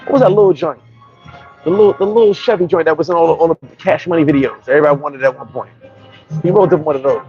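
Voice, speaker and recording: A man tells a story in a casual, slangy way and often restarts mid-sentence. His voice is a bit higher than most men's, with a gravelly fry. The recording is slightly muffled, with faint music in the background. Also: rapid-fire. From New York. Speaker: vlogger.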